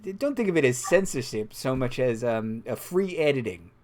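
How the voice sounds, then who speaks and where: A man's voice: mid-range voice, animated, normal speed, darkish tone, natural voice. A man voicing a nervous male messenger from a radio station, who hesitates and stammers. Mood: pleading.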